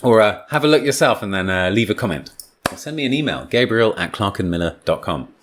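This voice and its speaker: A man teaching English pronunciation in a relaxed, chatty way, with many fillers and restarts. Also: fairly low pitch, fast, slight background noise. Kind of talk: casual spoken lesson.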